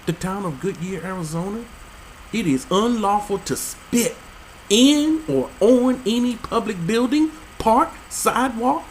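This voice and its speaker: A man reading out odd laws and commenting on them, with an animated, incredulous and joking manner. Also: very high-pitched, a little hiss or hum, poor audio. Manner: animated, incredulous, jokey asides. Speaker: religious commentator.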